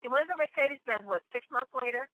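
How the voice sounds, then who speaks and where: A woman's voice: high voice, quick pace, dry recording, narrow, tinny audio. A woman hosting a conference call, telling a story in an upbeat way.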